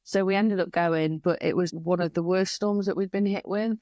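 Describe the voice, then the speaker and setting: A woman with an English East Midlands accent, a podcast guest telling stories in an animated, chatty way. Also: on the low side, normal speed, no room sound, clean studio sound. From East Midlands, England. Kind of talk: casual conversation.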